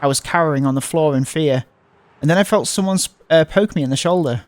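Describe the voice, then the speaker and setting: A man's voice: on the high side, fast. A man reading a visual novel aloud, voicing the panicky narrator with stumbles and fearful outbursts. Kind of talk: dramatic read-aloud of a game.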